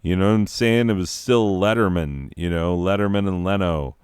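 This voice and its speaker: A male comedy host with a deep, smooth voice talks slowly, in a profane and rambling way. He keeps cutting into his own sentences. The sound is dry and close to the mic. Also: a little mellow, dry recording. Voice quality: profane, rambling, self-interrupting.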